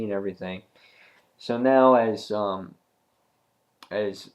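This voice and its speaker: A man's voice: lowish voice, a little mellow. A man casually reviewing a comic book, recapping the plot in a rambling way with lots of ums and restarts.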